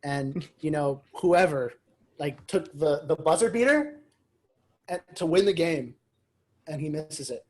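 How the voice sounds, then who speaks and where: A man co-hosting a podcast, telling a rambling story in an animated way, full of "like" and "right?", over a video call. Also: a little high, measured pace. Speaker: podcast co-host. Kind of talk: casual chat.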